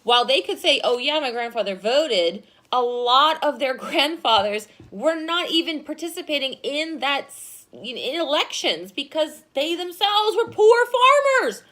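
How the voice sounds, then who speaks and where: Woman teacher, high lively voice, gets loud and fast when excited, laughs a lot. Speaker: history teacher. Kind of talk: recorded classroom lecture.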